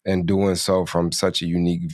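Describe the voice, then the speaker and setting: A man co-hosting a casual podcast, speaking slowly, thoughtfully and sincerely. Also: sits low, level tone, a little mellow, no echo, studio quality. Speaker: podcast co-host. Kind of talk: casual interview talk.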